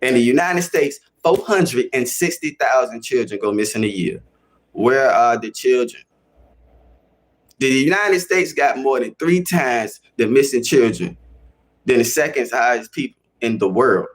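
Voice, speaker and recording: A young man with a Chicago accent hosting a casual livestream, talking to his chat in a slangy, animated way and repeating himself for emphasis. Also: mid-range voice, measured pace. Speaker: livestream host.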